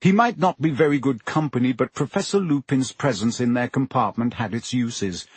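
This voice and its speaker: A man narrating a novel as an audiobook in a steady, measured way. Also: mid-range voice, breathy edge, no echo. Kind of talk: scripted narration.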